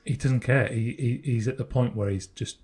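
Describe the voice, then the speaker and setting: A man's voice: medium pitch, steady tone, moderate pace, a little mellow, breathy edge. A man co-hosting a podcast, talking casually and reasoning through ideas step by step. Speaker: podcast co-host. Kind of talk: casual chat.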